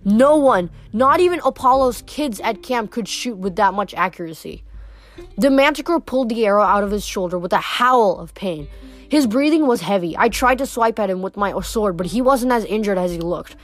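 A woman's voice: medium pitch, expressive, normal speed. A woman reading a novel aloud, stumbling and correcting herself now and then. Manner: casual, stumbles and self-corrects. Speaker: reader.

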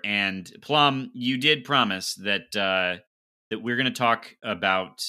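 A man hosting a sports podcast, steering between topics briskly. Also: on the low side, pushed and bright, clear, resonant tone. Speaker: podcast host. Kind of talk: casual sports podcast chat.

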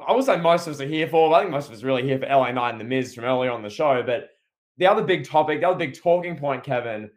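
A young man co-hosting a casual wrestling chat, teasing his co-host with mock outrage and quick asides. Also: medium pitch, expressive. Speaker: podcast co-host.

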